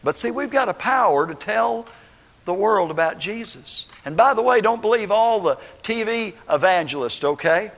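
A middle-aged man preaching a sermon, telling personal stories in an animated way and acting out the quotes. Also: high voice, moderate pace. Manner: animated storytelling, acts out quotes. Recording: long hall reverb.

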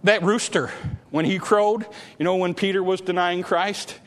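Male preacher, high voice, dramatic sermon style with shouted peaks, long church-hall reverb. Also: fairly even intonation, normal speed. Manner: dramatic, rising to shouts, repetitive emphasis.

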